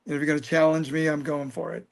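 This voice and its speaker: Earnest man in his fifties, slightly high. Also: quick pace, creaky. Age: 50s. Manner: earnest, animated storyteller. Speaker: guest. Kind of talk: personal storytelling in a podcast interview.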